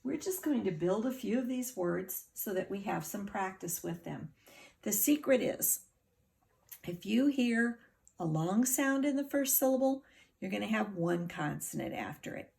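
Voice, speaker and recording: A woman's voice: medium pitch, animated, unhurried, vocal fry, a little mellow. A woman teacher giving a phonics lesson to children, patiently sounding words out syllable by syllable.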